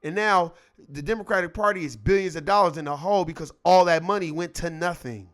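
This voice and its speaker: A man's voice: fairly high pitch, brisk, fairly bright tone. A man hosting his own show, giving a heated, profane political rant and mocking people by acting out their lines. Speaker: show host.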